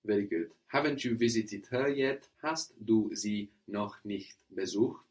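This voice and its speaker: A man's voice: fairly low pitch, a little slow, darkish tone. A man teaching a spoken language lesson, patiently repeating his student's answers and explaining grammar step by step.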